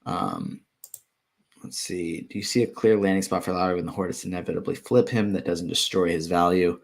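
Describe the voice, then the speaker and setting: A man with a deep, low-pitched voice talks through listener questions in a loose, unscripted Q&A. He thinks out loud as he goes, filling pauses with ums and catching and restarting his own sentences. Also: steady tone, vocal fry. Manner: thinks aloud with frequent ums and self-corrections. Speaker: fantasy basketball analyst answering viewer questions. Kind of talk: casual live Q&A.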